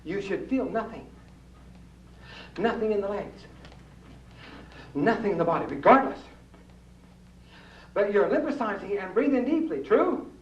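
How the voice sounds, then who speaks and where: A man's voice: sits high, animated, unhurried, pauses often, slight background noise. A man teaching a rebounding exercise class to a live audience in a folksy, coaxing way, often asking the crowd true or false. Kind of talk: live fitness demonstration to an audience. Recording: distant, echoey, dull old room recording.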